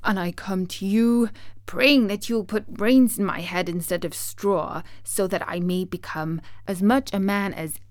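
Woman playing earnest humble scarecrow, slow, brave pleading, dry close sound. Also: medium pitch, no room sound, close to an everyday voice. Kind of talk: audiobook reading.

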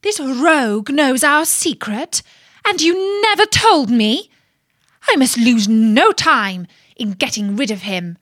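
A woman's voice: on the high side, big pitch swings, slow, hardly any pauses, husky, no echo, studio quality, exaggerated voice. A woman voicing a scornful eldest princess who jeers and scolds in a storybook reading. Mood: indignant. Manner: jeering, indignant.

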